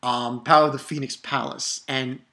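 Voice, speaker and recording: A woman giving a casual, excitable manga review, laughing often and acting out lines. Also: extremely low pitch, normal speed.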